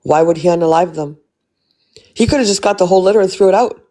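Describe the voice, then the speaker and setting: A woman's voice: lowish voice, fast, mellow. A woman hosting a casual livestream, blunt and swearing freely as she asks rhetorical questions. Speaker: livestream host.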